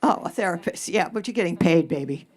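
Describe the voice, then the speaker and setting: A woman's voice: fairly low pitch, animated, fast talker, slightly rough. An older woman, a radio advice host answering audience questions at a live event, blunt and sarcastic, with casual swearing and punchy jokes. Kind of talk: live stage Q&A.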